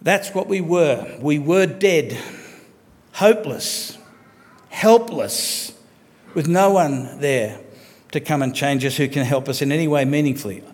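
A man preaching a sermon, earnest and emphatic, slowing down to stress key phrases. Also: on the high side, a little mellow. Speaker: pastor. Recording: long hall reverb.

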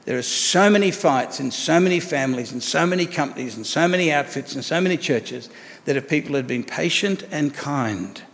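A man's voice: on the high side, expressive, a little fast, a bit bright, long reverb tail. A man preaching a sermon as pastor, conversational and asking rhetorical questions of the congregation.

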